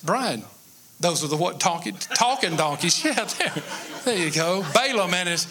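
High, bright-voiced folksy preacher. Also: male voice, animated, normal speed. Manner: folksy, joking with the congregation; emphatic, repetitive. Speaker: pastor. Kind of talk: conversational sermon.

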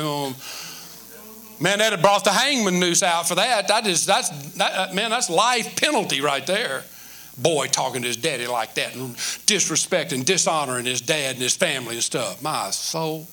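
A man's voice: on the high side, normal speed, sharp tone. A male pastor preaching a sermon in a church, telling the story animatedly with many repetitions and restarts.

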